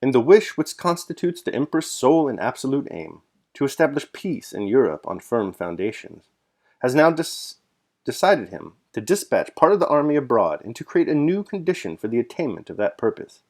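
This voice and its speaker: A man's voice: mid-range voice, big pitch swings, normal speed, darkish tone, pitched above the performer's own voice. A man voicing a stout, patriotic old German colonel with a German accent, speaking emphatically and leaning hard on single words. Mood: emphatic.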